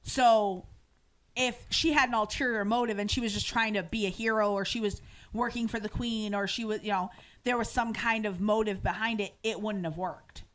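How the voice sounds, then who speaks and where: A woman co-hosting a podcast, casually recapping a TV episode with animated, filler-heavy storytelling. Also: mid-range voice, normal speed. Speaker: podcast co-host.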